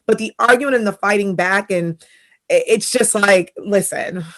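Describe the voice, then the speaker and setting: A woman's voice: mid-range voice, normal speed, slight background noise. A woman co-hosting a podcast in casual chat, emphatic and opinionated, filling her talk with "like". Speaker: podcast co-host.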